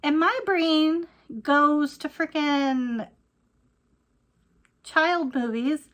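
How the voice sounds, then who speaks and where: A woman's voice: high voice, drawn-out words, fairly bright tone. A woman in her thirties ranting casually to camera, rambling and laughing often as she talks. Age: 30s. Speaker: vlogger.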